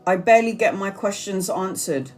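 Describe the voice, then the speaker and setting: On a live stream, a Brazilian woman reads tarot in a mid-range voice at a moderate pace, with faint music playing behind her. She speaks earnestly, apologizes often, and repeats herself to reassure her viewers.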